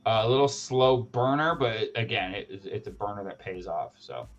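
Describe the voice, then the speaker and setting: A man's voice: on the low side, expressive, moderate pace, muffled recording. A man co-hosting a live show, giving a casual, enthusiastic movie review full of fillers and restarts. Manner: rambling, many fillers and restarts. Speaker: podcast co-host reviewing movies.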